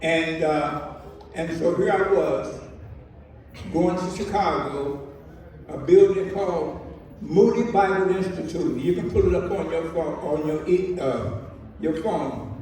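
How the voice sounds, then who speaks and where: Male reverend, animated storyteller, high voice, recorded from afar in a reverberant hall. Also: slow, pauses often. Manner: lively storyteller acting out dialogue. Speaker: reverend telling a personal story. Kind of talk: storytelling speech at a celebration. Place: large hall. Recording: echoey hall from far off.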